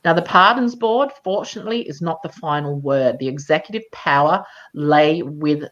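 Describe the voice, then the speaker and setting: A woman with a low voice speaks over a video call that sounds dull and lo-fi. She talks in a measured, emphatic way, with frequent ums and restarts as she argues her point. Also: expressive, a bit bright. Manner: measured, emphatic, many fillers. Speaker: campaigner. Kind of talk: live chat interview.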